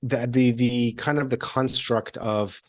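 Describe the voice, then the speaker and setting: A man in his thirties speaking openly as a podcast guest, with a middle-pitched voice. He laughs often and jumps up in pitch when he acts out what others said. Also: fairly even intonation, measured pace. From Iranian heritage. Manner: candid, laughs often, acts out quotes in a raised voice. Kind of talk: conversational interview.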